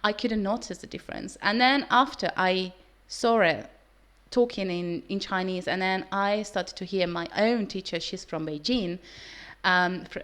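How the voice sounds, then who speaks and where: Woman english teacher, not native, chatting earnestly to her students, normal pitch. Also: a little slow, a bit bright. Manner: earnest, with some restarts. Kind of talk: casual vlog to learners.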